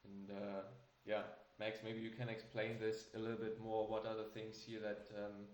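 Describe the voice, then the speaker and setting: Webinar moderator, male, flat and low delivery, hesitant, recorded in an echoey room. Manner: halting, many filler sounds. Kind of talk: webinar presentation. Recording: roomy echo.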